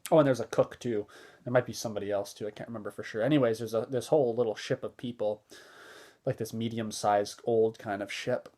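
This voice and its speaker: A man's voice: lowish voice, fairly even intonation, fairly quick, dark tone. A man giving a casual spoken movie review, easygoing and enthusiastic, with a loose retelling full of fillers and restarts.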